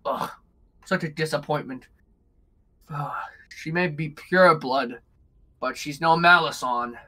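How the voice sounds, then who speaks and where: A man's voice: fairly high pitch, takes it slowly, bright, forceful tone, exaggerated voice, rough recording. A man doing a haughty snake-headed lord. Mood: disdainful. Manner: sneering, haughty, weary sighs. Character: snobbish male snake-headed leader, disdainful. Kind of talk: voicing a character in a tabletop game.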